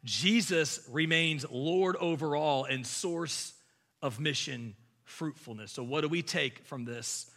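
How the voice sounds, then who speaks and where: A man preaching with a bright, forceful voice that sits a little higher than most men's. He talks in a relaxed, conversational way, animated and full of casual fillers, more like chatting with his congregation than lecturing. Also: takes it slowly. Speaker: pastor. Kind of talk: sermon.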